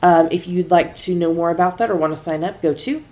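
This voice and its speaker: A woman co-hosting a podcast in casual chat, relaxed and chatty, filling her pauses with "um". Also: on the low side. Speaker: podcast co-host.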